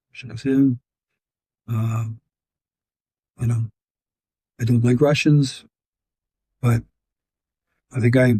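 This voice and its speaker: Animated Canadian man telling a story. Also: on the high side, no room sound. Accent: Canadian English. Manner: animated, acts out scenes with sound effects and quoted voices; halting restarts. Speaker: interview guest, volunteer. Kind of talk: storytelling in an interview.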